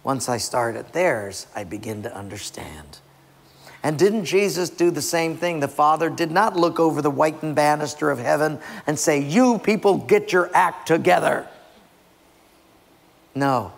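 A man's voice: a little high, moderate pace, gravelly. A man preaching a sermon, emphatic and direct with his listeners. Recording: long reverb in a large hall.

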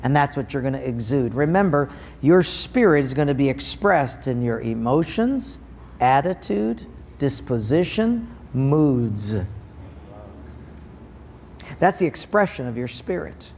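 A man's voice: medium pitch, sing-song, unhurried, gravelly, darkish tone, slight background noise. A man preaching a sermon, telling stories and acting out people's voices with big jumps in his tone. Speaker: pastor. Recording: long hall reverb.

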